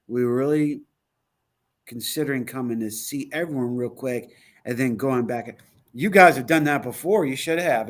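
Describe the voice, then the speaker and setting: A man co-hosting an online talk show, telling a trip story in casual chat, acting out quotes and laughing often. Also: mid-range voice. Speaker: podcast co-host.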